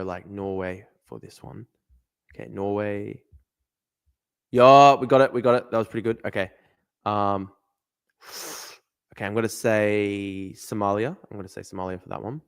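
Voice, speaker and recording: A man's voice: lowish voice, steady tone, normal speed, pauses often, clean tone. A man hosting a casual livestream, talking himself through a guessing game. He mutters asides, swears often and breaks into exasperated outbursts. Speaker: livestream host.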